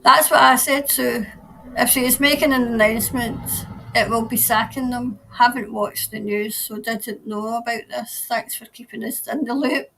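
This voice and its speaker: A woman's slightly high, creaky, somewhat bright voice comes at a moderate pace with fairly even intonation, over a little hiss or hum. She's a tarot reader on a casual live stream, rambling through viewer comments, laughing often and trailing off mid-sentence.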